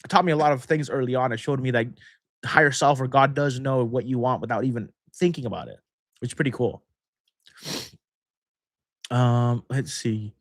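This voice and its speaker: A man's voice: medium pitch, moderate pace, pauses often, dry recording, studio quality. A young man hosting a casual livestream Q&A as a manifestation coach, chatty and rambling, laughing often between thoughts.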